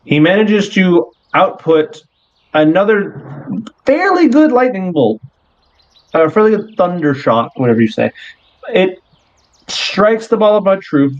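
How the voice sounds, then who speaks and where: A man's voice: on the high side, lo-fi sound. Laid-back male game master narrating. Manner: relaxed storytelling with fillers.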